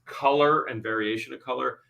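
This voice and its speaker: A man hosting a live-stream auction, calling out bids quickly and then chatting and explaining the items. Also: medium pitch, steady tone, creaky, heavy background noise. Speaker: host.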